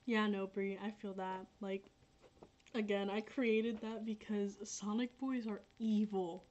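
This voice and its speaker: A young woman talking casually on a livestream, her pitch sitting in an ordinary middle range. She rambles, fills pauses with "um" and "like," and says things again and again. The sound is a little dull and lo-fi. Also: steady tone, a little mellow. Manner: rambling, filler-heavy, repeats herself. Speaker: livestreaming creator. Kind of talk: casual livestream chat reading comments.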